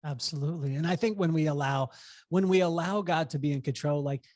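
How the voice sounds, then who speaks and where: Lively forty-something man telling stories. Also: a little high, a little fast, no echo, studio quality. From Southern California. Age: 40s. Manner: energetic, laughs often, swears casually, acts out quotes. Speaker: podcast guest, business coach. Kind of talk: animated storytelling conversation.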